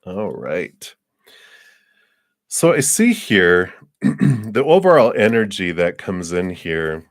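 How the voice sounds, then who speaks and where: A man giving a live-streamed tarot card reading. He rambles in an unhurried way, with many fillers and soft laughs between thoughts. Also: deep voice, big pitch swings, dry recording, studio quality.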